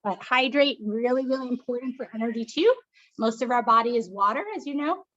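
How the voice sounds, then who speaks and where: A woman who is both a doctor and instructor leads a laughter yoga session, her fairly high, fairly bright voice moving fairly quickly over dull audio. She coaxes the group along cheerfully with bursts of laughter and cheering.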